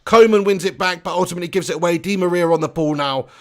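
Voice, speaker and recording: A young man hosting a live football watch-along, chatty and excitable, reading chat messages and swearing casually. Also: high voice, quick pace.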